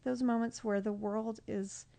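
Gravelly-voiced woman, tender and reflective. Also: a little high, fairly even intonation, unhurried, warm tone. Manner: reflective, tender, often emotional, laughs easily. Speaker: podcast guest. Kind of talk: casual heartfelt conversation.

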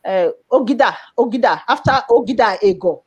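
A woman's voice: a little high, lively intonation, a little fast, darkish tone, husky. A woman from Nigeria speaking with a Nigerian Pidgin accent, telling her life story in an interview in an emotional way and repeating words for emphasis. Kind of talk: personal life story in conversation.

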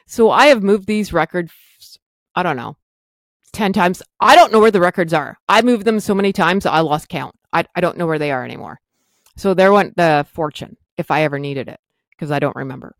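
A woman's voice: lowish voice, lively intonation, brisk, no echo. A middle-aged woman from Canada hosting a podcast, telling a personal story in a candid, self-deprecating, exasperated way. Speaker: podcast host.

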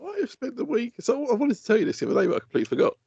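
A man telling casual, animated stories on a podcast, swearing and laughing often. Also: extremely high pitch, racing, vocal fry, slightly rough, no room sound, muffled recording. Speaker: podcast co-host. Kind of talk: casual chat.

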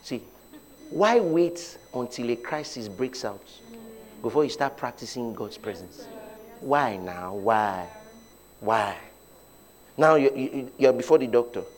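A man's voice: mid-range voice, animated, slow pace, long pauses. A man preaching a sermon as pastor, leading the congregation in call-and-response declarations.

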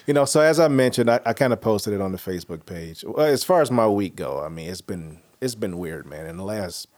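A man's voice: fairly low pitch, fairly quick. A man hosting a podcast, telling profane stories in casual chat and acting out what people said. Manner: profane animated storytelling with acted-out quotes. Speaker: podcast host.

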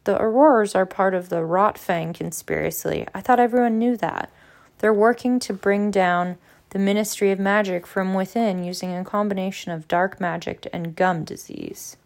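A woman's voice: mid-range voice, moderate pace, creaky, darkish tone, natural voice. A woman voicing a dreamy, odd teenage girl who speaks matter-of-factly.

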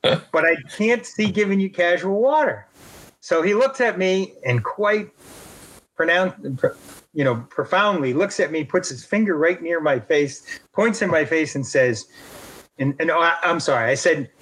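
A middle-aged man with a somewhat high-pitched voice recounts a story from his work as a golf rules official. He talks in a chatty, self-deprecating way, with plenty of fillers and restarts. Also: lively intonation, a little slow, a bit bright, husky, rough recording. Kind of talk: storytelling in an interview.

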